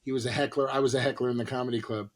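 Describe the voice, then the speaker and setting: A middle-aged man from Los Angeles, an actor and comedian, telling animated stories in an interview and acting out the people he quotes. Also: medium pitch, rapid-fire. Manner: animated anecdotes with acted-out quotes. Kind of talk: storytelling interview.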